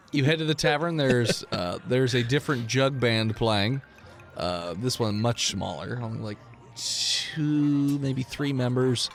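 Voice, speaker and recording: A man's voice: medium pitch, takes it slowly. A man narrating a tabletop game as game master, joking and laughing often. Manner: laughing, jokey, slips into silly character voices.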